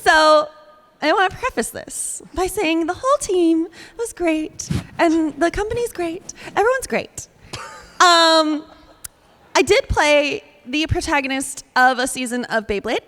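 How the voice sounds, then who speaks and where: Giggly woman panelist, lively pitch. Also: a little slow. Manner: giggly, animated storyteller acting out quotes. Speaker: voice actor panelist. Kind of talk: casual convention panel chat. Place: convention panel hall. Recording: reverberant convention hall.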